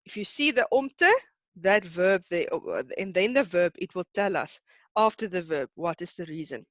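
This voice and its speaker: A woman's voice: lowish voice, animated, moderate pace, a bit bright, no room sound, muffled recording. A woman teaching an online lesson, patient and encouraging, who laughs easily.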